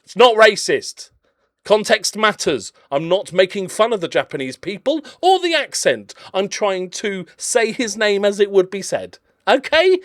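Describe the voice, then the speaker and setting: A man's voice: high voice, very animated, unhurried, fairly bright tone, dry recording, clean studio sound. A man casually commentating on his own game footage, chatty and jokey, rambling off into blunt little rants. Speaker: game channel host.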